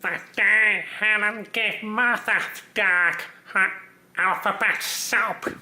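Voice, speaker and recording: A man voicing a childlike sock puppet that reads a picture book aloud in a slow, sing-song way. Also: sits high, fairly even intonation, sharp tone, roomy sound, heavily acted. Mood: playful.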